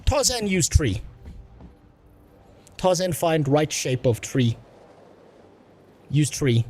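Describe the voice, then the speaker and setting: A man voicing a simple-speaking jungle man who talks in broken, deadpan grammar. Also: fairly high pitch, slow, soft background music.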